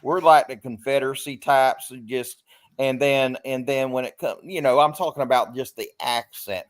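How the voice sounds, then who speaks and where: A man's voice: medium pitch, moderate pace. A man, a livestream panelist chatting casually, rambling and joking and swearing freely. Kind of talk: casual stream chat.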